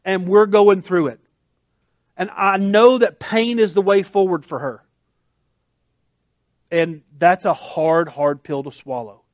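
A male pastor preaching earnestly in a conversational tone, with frequent restarts. His voice sits high for a man. The recording is dry and close, with no room sound. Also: takes it slowly, long pauses, dry recording. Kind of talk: sermon.

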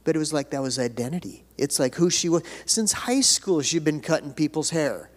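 An older man preaching a sermon, folksy and conversational, then building to emphatic declarations. His voice sits somewhat high. The reverb of a church hall trails after each line. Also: expressive, a little fast. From United States. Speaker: pastor. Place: church sanctuary.

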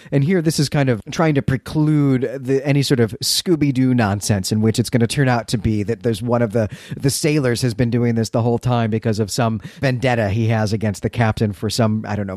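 A man's voice: medium pitch, brisk, few pauses, a little mellow, no echo, clean studio sound. A man co-hosting a podcast, casually retelling a story's plot and breaking in with his own commentary. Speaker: podcast co-host. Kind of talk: casual literary discussion.

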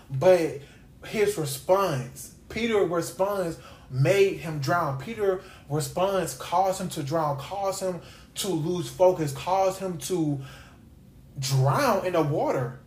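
A man hosting a Bible study podcast, preaching in a casual, conversational way and repeating phrases for emphasis. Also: high-pitched. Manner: conversational, with slangy asides. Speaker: podcast host and Bible teacher. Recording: roomy echo.

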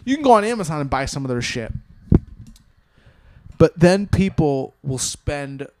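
A man's voice: fairly high pitch, very animated, a little slow, a little mellow, no echo. A young man hosting a casual podcast with friends, rambling and joking. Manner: joking, rambling, laughs often. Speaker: podcast host. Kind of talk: casual chat.

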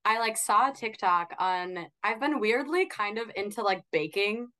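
Young woman guest with a Minnesotan accent, chatty and relaxed, filler-heavy. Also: medium pitch, moderate pace. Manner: chatty, laughs easily, lots of "like". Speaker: podcast guest. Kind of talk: casual chat.

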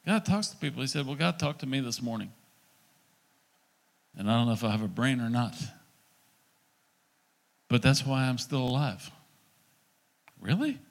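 A middle-aged male pastor telling a story in a sermon, acting out the dialogue in an animated preaching voice. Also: medium pitch, moderate pace, gravelly, long pauses.

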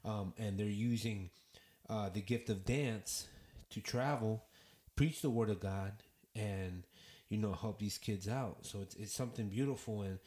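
A man's voice: on the low side, a little slow, a little mellow. A man, a father, telling a story as a guest in a casual round-table talk, earnest and full of "you know". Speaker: podcast guest. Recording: roomy echo.

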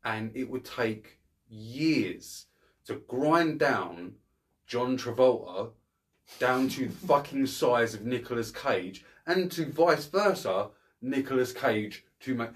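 A man's voice: mid-range voice, lively intonation, slow. A man co-hosting a casual film review podcast, ranting bluntly and swearing often. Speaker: podcast co-host.

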